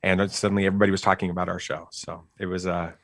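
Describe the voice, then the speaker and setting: A middle-aged man telling a family story casually as a podcast guest, animated and full of fillers and restarts. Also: low-pitched, racing, no echo, studio quality.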